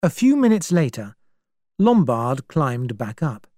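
Slow, lively-toned male story narrator. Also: mid-range voice, no echo, clean studio sound. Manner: clear, measured reading.

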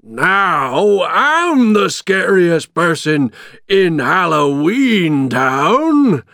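A man voicing a loud, gloating monster villain in a storybook reading, drawing out and shouting his words. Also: sits high, wildly swooping pitch, gravelly, dry recording, studio quality, pitched above the performer's own voice, heavily acted. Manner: shouting, cackling, drawn-out words.

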